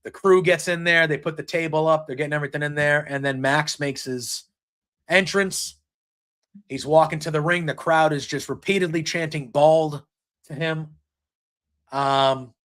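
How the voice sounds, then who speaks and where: A man's voice: on the high side, fairly even intonation, unhurried, pauses often, fairly bright tone. A man hosting a casual solo wrestling recap, retelling the action play by play with frequent ums. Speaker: wrestling show recap host.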